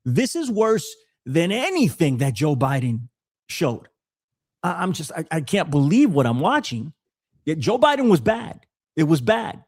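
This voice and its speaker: A man hosting a podcast, giving casual political commentary in an animated way with frequent stammered restarts. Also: fairly high pitch, unhurried, no room sound, studio quality. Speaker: podcast host.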